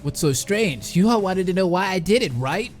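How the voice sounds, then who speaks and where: A defiant young student, put on by a man reading a game aloud, pitched high and blunt. His lines are short and cold. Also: animated, moderate pace, soft background music. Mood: cold, matter-of-fact. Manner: clipped, defiant statements.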